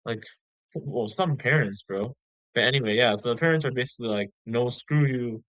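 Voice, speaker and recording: A man's voice: mid-range voice, a little fast, a bit bright, no room sound, poor audio. A man giving a casual spoken movie review, rambling and slangy, full of fillers like "bro".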